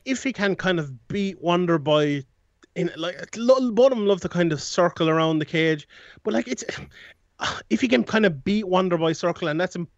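A rambling man talking sports as a guest, full of restarts and quick laughs. His voice sits fairly high and sounds dry and dull, as if on a lo-fi remote line. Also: dry recording. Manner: rambling, many restarts and fillers, laughs often. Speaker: MMA analyst guest. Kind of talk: casual sports analysis chat.

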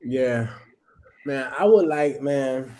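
A man on a casual sports podcast who speaks hesitantly, in halting bits. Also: mid-range voice, mellow.

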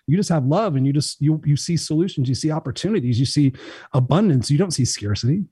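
A man telling a story in a casual chat, energetic, swearing freely and acting out what others said. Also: fairly high pitch, fast talker, breathy edge, dry recording. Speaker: motivational speaker.

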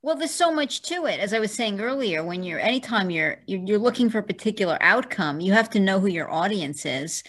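A chatty woman hosting an interview over a video call, her voice mid-pitched and unremarkable. She laughs easily and explains at length as a lawyer. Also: expressive, a little fast, few pauses, fairly bright tone. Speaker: host and lawyer. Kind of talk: casual interview.

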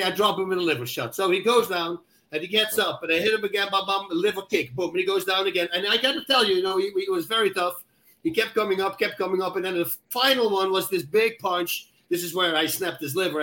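High, bright-voiced ex-fighter telling a story, excitable and laughing. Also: male voice, low-quality recording. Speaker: guest fighter. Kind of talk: casual chat, animated storytelling.

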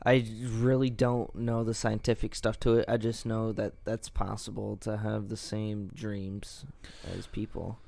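A man's voice: lowish voice, flat delivery, a little slow, vocal fry, few pauses, dark tone, no room sound. A young man co-hosting a casual chat, adding wry, rambling comments. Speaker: co-host, host's son.

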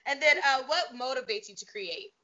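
Bright playful woman interviewer. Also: high-pitched, expressive. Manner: playful and teasing, quick to laugh along. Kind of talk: casual interview chat. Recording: dull lo-fi audio.

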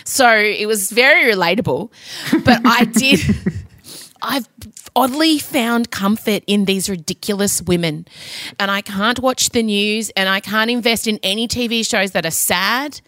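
A woman, hosting a podcast in lively casual chat, laughing and swearing freely. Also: mid-range voice, a little slow, dry recording, clean studio sound. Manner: animated, swearing, lots of laughter. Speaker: podcast host.

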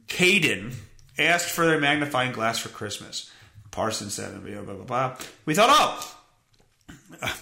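A man's voice: mid-range voice, bright, forceful tone, roomy sound. A male podcast host reading news stories aloud and mocking them with sarcastic, profane commentary. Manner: sarcastic, swears often, mocks the stories he reads.

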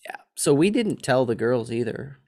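A man in his thirties co-hosting a podcast, telling a story in a lively, chatty way and mimicking other people's voices. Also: mid-range voice, moderate pace. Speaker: podcast co-host. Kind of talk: casual chat.

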